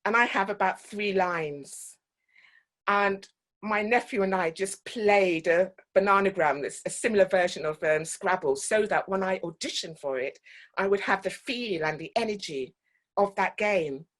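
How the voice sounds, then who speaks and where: A woman's voice: medium pitch, moderate pace. A woman from Guyana, an actor giving a talk and telling personal stories with frequent ums.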